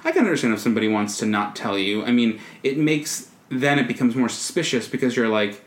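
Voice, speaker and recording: Male podcast co-host, mid-pitched, chatty riffing, roomy echo. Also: expressive. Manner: chatty, quick to react and riff. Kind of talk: casual chat.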